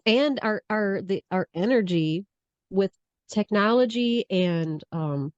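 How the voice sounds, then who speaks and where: A woman with a slight Southern accent co-hosting a casual talk show, rambling and animated, laughing often. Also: mid-range voice, slow, smooth, no room sound. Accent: Southern US tinge, Michigan. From Michigan. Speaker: podcast co-host. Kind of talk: casual chat. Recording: dull lo-fi sound.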